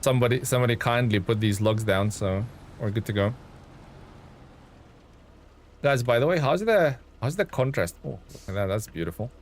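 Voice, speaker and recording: Animated and medium in pitch, a man speaks at normal speed but pauses often during his live truck-game stream, with slight background noise present. His commentary includes chatting to viewers, thanking them, and thinking aloud with ums and chuckles.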